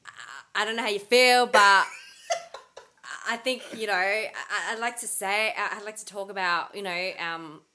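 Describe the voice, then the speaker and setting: A woman's voice: medium pitch, normal speed, bright, forceful tone. A young woman co-hosting a podcast, teasing and laughing as she adds to a shared story. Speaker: co-host. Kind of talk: casual chat.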